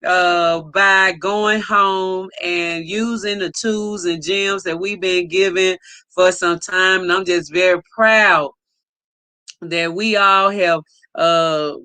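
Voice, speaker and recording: A woman hosting a casual livestream, greeting viewers by name with enthusiastic shout-outs. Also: on the low side, fairly even intonation, takes it slowly, smooth, dry recording. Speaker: livestream host.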